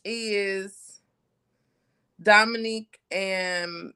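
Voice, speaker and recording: A woman co-hosting a live reality show review, talking in a blunt, sassy, animated way. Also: medium pitch, very slow, clean tone. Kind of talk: casual live-stream chat.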